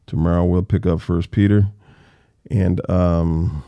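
A man teaching a casual Bible study, reading verses slowly and then explaining them in loose, conversational asides. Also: low-pitched, level tone, no echo, muffled recording.

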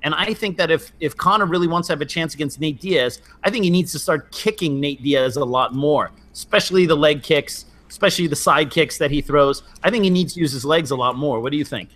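A man in casual sports chat, talking in a measured, analytical way with frequent fillers. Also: on the high side, fairly bright tone. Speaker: podcast co-host.

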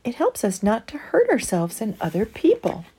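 A woman voicing a kind, patient mother in a storybook reading, gently explaining. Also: a little high, huge pitch swings, normal speed, husky, pitched above the performer's own voice, full character voice. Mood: gentle.

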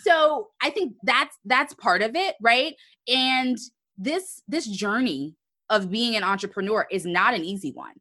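A woman in her thirties speaks as a podcast guest, with a bright, forceful tone. She tells her story expressively, her voice sitting a little higher than most. Her delivery is animated and open. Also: a little slow. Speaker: entrepreneur guest. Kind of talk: podcast interview.

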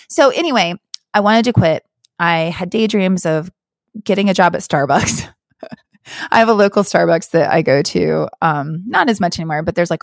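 A woman's voice: lowish voice, no echo, studio quality. A woman hosting a podcast as a health coach, talking in a candid, earnest, chatty way with lots of fillers. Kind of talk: casual podcast monologue.

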